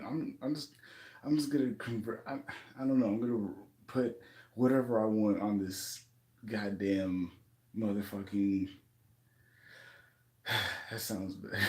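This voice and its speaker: A man records an angry, profane vlog rant indoors in a rented home. His voice is lowish and dark, and he talks slowly, stopping and restarting his sentences as he vents. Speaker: YouTuber.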